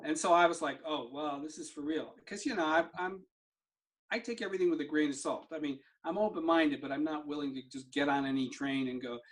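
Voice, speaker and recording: Fast and pitched on the high side, the voice belongs to a middle-aged somatic therapy practitioner appearing as a guest. He tells a personal story in conversation, vividly acting out the dialogue he remembers.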